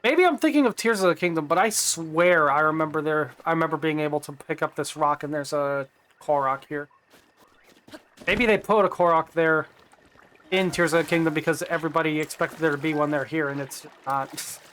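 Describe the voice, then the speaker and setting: While streaming a video game, a man chats casually, rambling and correcting himself as he plays. His voice is on the high side, brisk, and fairly bright, typical of laid-back live-stream commentary.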